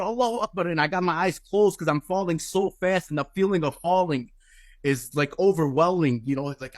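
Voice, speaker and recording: A man telling an emotional personal testimony in an intense, halting way, often searching for words. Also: a little high, no room sound. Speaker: person giving a religious testimony.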